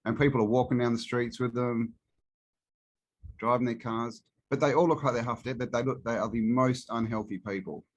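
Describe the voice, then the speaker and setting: A man's voice: medium pitch, steady tone, normal speed, slight background noise. Man, guest, casual chat, ranting, swears freely.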